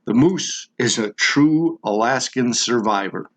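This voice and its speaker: A man narrating an outdoor wildlife documentary in a measured, informative way. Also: medium pitch, animated, rough recording. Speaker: show host and narrator. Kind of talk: scripted nature documentary narration.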